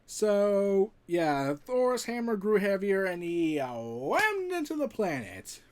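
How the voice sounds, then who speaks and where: A man's voice: sits high, sing-song, takes it slowly. A man reviewing a comic book in a casual, rambling recap. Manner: rambling recap with fillers and restarts.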